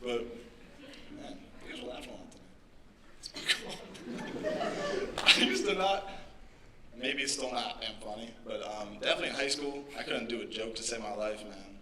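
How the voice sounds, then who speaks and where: A man's voice: mid-range voice, animated, normal speed, pauses often, far from the mic. A young man doing a stand-up set on a club stage, casual, rambling and self-deprecating, into a handheld mic. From United States. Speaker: stand-up comedian. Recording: echoey club with loud background noise.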